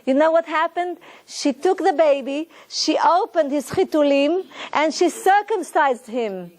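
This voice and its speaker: Earnest high-voiced woman teaching. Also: animated, unhurried, few pauses, a little mellow. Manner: earnest, preaching, retells stories with quoted voices. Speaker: Torah teacher. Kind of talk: lesson to a women's group.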